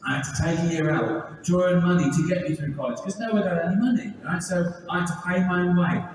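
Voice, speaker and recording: English comedian in a big echoey arena. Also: male voice, a little high, darkish tone. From England. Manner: laughing, swearing, acting out both sides of exchanges. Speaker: stand-up comedian. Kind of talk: stand-up comedy set. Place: large arena. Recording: echoey arena sound from far off.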